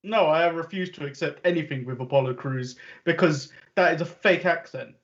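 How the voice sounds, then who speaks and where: A man's voice: fairly high pitch, moderate pace, dull audio. A man with an English accent co-hosting a wrestling podcast, wry and laughing. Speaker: podcast co-host. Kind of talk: casual wrestling chat.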